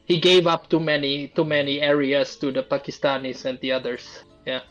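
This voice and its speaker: Chatty guy hosting a stream, kinda high voice, bit of music underneath. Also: little pitch movement, moderate pace, fairly bright tone, lo-fi sound. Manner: chatty, laughs often, jokes with guests. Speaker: stream host. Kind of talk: casual chat on a live stream.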